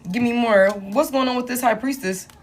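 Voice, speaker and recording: A woman, giving a live tarot reading in blunt, profane, animated street talk. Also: on the high side, moderate pace, faint music behind. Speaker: tarot reader.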